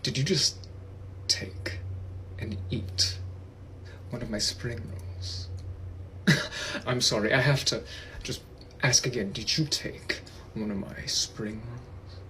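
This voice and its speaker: A man voicing a genteel, menacing British gentleman from the 1800s, in a whispered role-play with a silky, possessive, threatening manner. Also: mid-range voice, takes it slowly, a little hiss or hum, poor audio. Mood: indignant.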